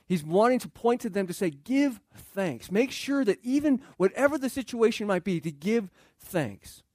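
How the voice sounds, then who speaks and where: A pastor with a high-pitched male voice delivers a sermon in an easy, conversational way. He often restarts and repeats phrases and throws questions out to the congregation. The sound is dry and close, with almost no room echo. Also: lively intonation, normal speed, a little mellow.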